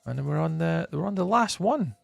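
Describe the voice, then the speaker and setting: A man's voice: fairly high pitch, expressive, brisk, gravelly, dry recording, soft background music. A man streaming a game, chatting casually with his viewers while he plays. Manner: chatty, talks to chat while playing. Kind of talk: casual live-stream chat.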